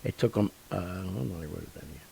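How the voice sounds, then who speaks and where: A man hosting a show, telling stories in a rambling, animated way with lots of fillers and sound effects. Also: low-pitched, fast talker, vocal fry, slight background noise, poor audio. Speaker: radio show host. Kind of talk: casual storytelling monologue.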